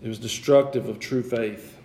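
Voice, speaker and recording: In an echoey church sanctuary, a man in his thirties delivers a sermon, mixing chatty jokes with emphatic stretches. He is a pastor with a medium-pitched, dark-toned voice, fairly even intonation and a normal speed. Slight background noise can be heard.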